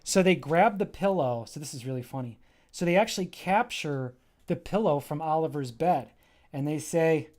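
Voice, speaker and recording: A man's voice: a little high, animated, normal speed, darkish tone. A man giving an enthusiastic, rambling walkthrough of his graphic novel on a casual livestream, often breaking off mid-thought. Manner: enthusiastic, rambling and self-interrupting.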